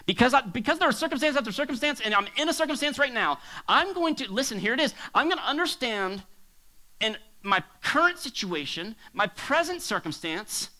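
A male pastor preaching a sermon to a congregation, swinging between hushed asides and near shouts. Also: extremely high pitch, big pitch swings, a little fast, low-quality recording. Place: church hall with a congregation.

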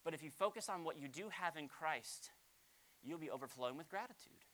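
A male pastor preaching a sermon, animated, swinging from loud exclamations to quiet asides. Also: on the high side, a little fast.

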